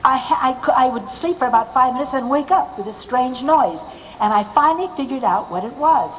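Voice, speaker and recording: An older woman telling comic stories from a stage in a chatty, animated way, acting out other people's voices. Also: high voice, fairly quick, a little hiss or hum. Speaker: stage performer. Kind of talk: anecdotal stage monologue. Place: stage in a large hall. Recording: long hall reverb, faint music behind.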